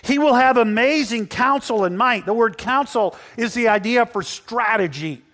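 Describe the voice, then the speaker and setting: A man preaching a sermon to a congregation, telling Bible stories in an animated way that swings from loud, excited passages to hushed, quiet ones. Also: extremely high pitch, moderate pace, big-room sound. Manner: animated storytelling, acting out biblical characters, swings between loud and hushed. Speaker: pastor. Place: church building before a congregation.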